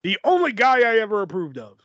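A man tells stories on a podcast in a high, animated voice, rambling, cursing and filling his speech with "like" and "you know". The sound is dull and lo-fi, and the recording is dry. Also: brisk, dry recording. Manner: profane, rambling, filler-heavy. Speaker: podcast host. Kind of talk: casual storytelling chat.

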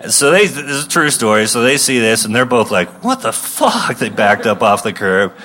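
A man in his thirties doing a stand-up routine, swearing freely and rambling through a story, bursting into shouts now and then. His voice sits fairly low but has a bright, forceful edge. Faint noise runs behind him. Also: fairly quick. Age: 30s. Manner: profane, rambling storytelling with sudden shouted outbursts. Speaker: stand-up comedian.

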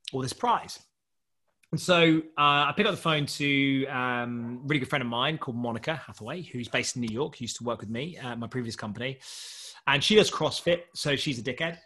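A man, a startup founder, telling a long anecdote in casual chat, laughing often and doing voices for the people in it. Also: medium pitch. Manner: animated storyteller who laughs often and does voices.

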